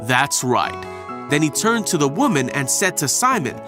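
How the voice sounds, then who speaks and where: A man reading a Bible story for children in a gentle, steady storytelling voice. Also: on the high side, a little slow, over music. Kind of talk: scripted Bible story narration for kids.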